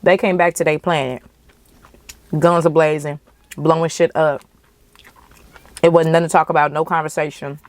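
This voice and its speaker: Podcast host, young woman, low voice, passionate casual movie reaction. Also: normal speed, pauses often, no room sound. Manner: animated, emotional, profane, slangy.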